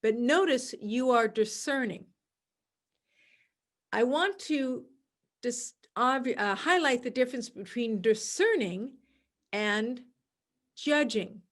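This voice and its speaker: A woman hosting a podcast, explaining an idea calmly and repeating her key words, sometimes acting out other people's voices. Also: on the high side, slow, pauses often. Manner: acts out quoted voices in a dramatic, excited tone. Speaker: podcast host. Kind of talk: solo podcast talk.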